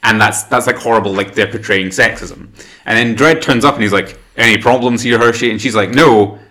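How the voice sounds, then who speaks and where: A man co-hosting a podcast, talking about a film in a rambling, animated way full of fillers. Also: lowish voice, a little fast. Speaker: podcast co-host. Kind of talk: casual film chat.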